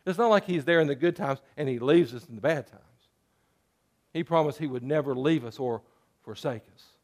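Conversational pastor with a higher voice. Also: male voice, normal speed, darkish tone. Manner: conversational, full of rhetorical questions. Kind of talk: sermon.

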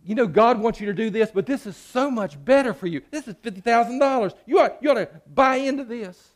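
A man voicing a smooth-talking male devil who coaxes and sells in a rising, persuasive voice. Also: extremely high pitch, a little fast, pitched above the performer's own voice. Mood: coaxing.

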